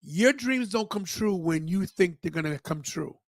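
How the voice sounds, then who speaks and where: A man's voice: sits high, measured pace, vocal fry, no room sound. A middle-aged man hosting a podcast, telling a personal story with emotion and acting out the people in it. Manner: emotional, animated retelling with quoted voices. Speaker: podcast host. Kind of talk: storytelling monologue.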